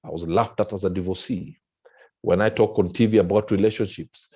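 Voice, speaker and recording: An impassioned Kenyan man with a low voice, speaking to an audience like a preacher with big swings in pitch. The recording sounds dull and lo-fi. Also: steady tone, brisk, dark tone, slightly rough. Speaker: motivational speaker. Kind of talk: motivational speech to an audience.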